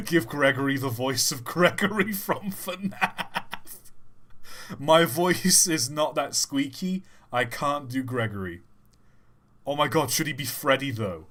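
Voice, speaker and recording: Speaking slowly in a fairly bright, somewhat high voice, a male streamer chats through his game on a livestream. He pokes fun at himself, keeps things playful, and tries on silly voices.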